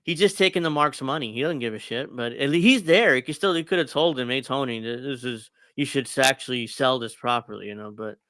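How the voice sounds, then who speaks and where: Male podcast host, bright crisp tone, rambling casual delivery, dry sound. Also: medium pitch, brisk, few pauses, no echo. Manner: rambling, many restarts. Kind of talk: casual chat.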